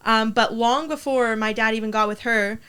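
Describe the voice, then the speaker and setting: An American woman chats as a podcast guest, animated and easygoing. Her voice is bright and forward, with a crisp, clean tone. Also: a little high, moderate pace. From United States. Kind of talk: casual chat.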